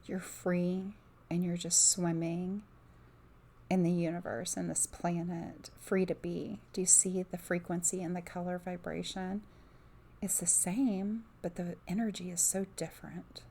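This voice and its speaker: A woman hosting an ASMR oracle card reading on a livestream. She speaks softly on a close microphone, drifts into whispers, and gushes with dreamy enthusiasm. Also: lowish voice, flat delivery, measured pace, a little hiss or hum. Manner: soft-spoken, slipping in and out of whispers.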